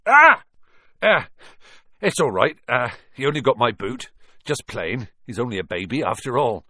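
A burly, soft-hearted gamekeeper who puffs out his words and cracks into sobs, played by a man. His voice swoops high when he breaks, in a close, dry recording. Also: big pitch swings, normal speed, dry recording. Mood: gruff. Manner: gruff, puffing, breaking into sobs. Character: huge soft-hearted male gamekeeper, tearful.

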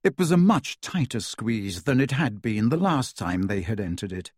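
Husky, expressive male audiobook narrator. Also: fairly low pitch, moderate pace, dry recording, clean studio sound. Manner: dramatic, varied pacing.

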